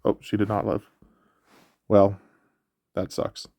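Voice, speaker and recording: A man with a stuffy nose talks through a game run in a low, gravelly voice. His delivery is relaxed and explanatory, full of fillers. The recording is dry and close. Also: slow, dry recording. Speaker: gameplay commentator. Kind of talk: casual game walkthrough commentary.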